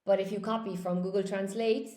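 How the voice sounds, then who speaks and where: A woman's voice: mid-range voice, fairly even intonation, a little fast, mellow. Chatty woman teaching English, echoey room. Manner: chatty, reads viewer comments aloud and answers them; emphatic, repeats words for stress. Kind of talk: live online exam-prep lesson.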